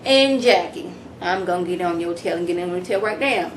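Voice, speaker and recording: A woman's voice: on the low side, fairly quick, slight background noise. Chatty young woman reviewing TV, echoey room. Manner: animated, chatty, slips into mocking impressions. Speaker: reality TV reviewer. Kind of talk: casual on-camera episode review.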